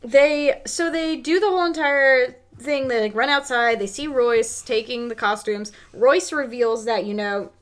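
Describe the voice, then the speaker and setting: A woman co-hosting a casual podcast, reviewing a movie in a rambling, sweary, animated way. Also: on the high side, unhurried, hardly any pauses. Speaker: podcast co-host.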